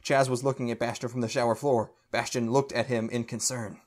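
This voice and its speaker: A man's voice: medium pitch, level tone, brisk, a little mellow. A man podcast co-host reads fan fiction aloud in a mid-range voice, tripping over clumsy sentences and fighting back laughter. The delivery is a mock-serious comic reading. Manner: stumbling, breaking into laughter while reading.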